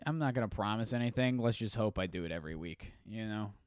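A man hosting a casual solo podcast, rambling through animated stories with frequent restarts. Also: fairly low pitch, quick pace, no room sound, clean studio sound. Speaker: podcast host.

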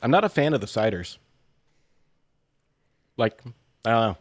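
A middle-aged man co-hosting a casual podcast chat, wry and quick to laugh, swearing casually. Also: mid-range voice, very animated, dry recording, clean studio sound. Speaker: podcast co-host.

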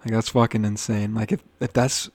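A man's voice: on the low side, level tone, a little fast, darkish tone, no echo. A young man hosting a casual solo podcast, rambling with frequent swearing and restarts, a little nervous. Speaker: podcast host.

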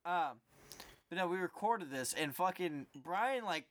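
A man co-hosting a podcast, telling profane childhood stories in casual, animated chat. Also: sits high, measured pace. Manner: animated storyteller, swears, laughs along. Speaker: podcast co-host.

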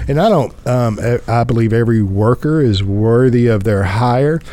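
A man's voice: medium pitch, moderate pace, dark tone. A middle-aged man, a podcast host and financial advisor, explaining in a conversational way with emphatic rhetorical questions and repeated words.

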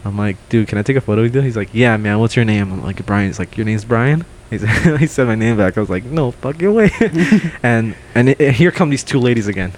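A young man co-hosting a podcast, telling a story in casual chat, swearing and loudly acting out what people said. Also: lowish voice, brisk, few pauses. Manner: animated, swears a lot, acts out quotes loudly. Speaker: podcast co-host.

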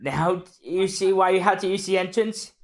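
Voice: medium pitch, normal speed, slight background noise. A podcast co-host chatting casually and reading a manga aloud with wry, dry remarks.

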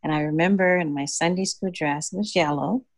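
Lively woman telling a story, dry sound. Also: low voice, a little fast, no echo. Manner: animated storyteller, acts out voices in dialogue. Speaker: community developer and guest. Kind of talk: casual storytelling conversation.

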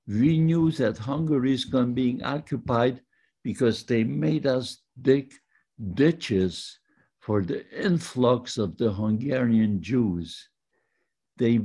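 A man's voice: mid-range voice, breathy edge. An older man with a Polish accent quoting a harsh male barrack overseer who mocks new prisoners. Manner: sneering, shouting taunts.

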